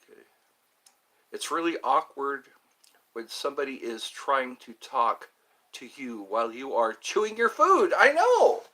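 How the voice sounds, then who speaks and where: A man's voice: medium pitch, big pitch swings, unhurried, pushed and bright. Rambling man chatting on a live stream. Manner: rambling, joking, chatting to viewers. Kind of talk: casual live-stream chat.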